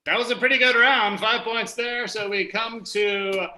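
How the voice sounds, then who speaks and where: Male comedy host, high bright voice, lively, echoey room. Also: measured pace. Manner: playful, teasing, animated. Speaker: game show host. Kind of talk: live comedy game show hosting.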